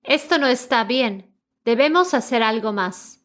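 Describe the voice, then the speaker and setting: A woman reads example sentences aloud for learners, saying each one twice with careful pronunciation. Her voice sits a little high. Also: lively intonation, moderate pace, a bit bright. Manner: careful, repeated model pronunciation. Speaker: native-speaker example reader.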